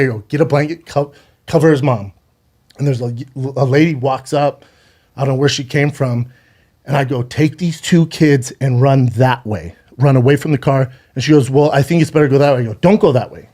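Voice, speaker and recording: In this clip a man in his thirties, with a mid-range and slightly mellow voice, recounts a harrowing personal story on a podcast. He swears often and fights back tears. He stumbles, restarts and repeats words as he goes.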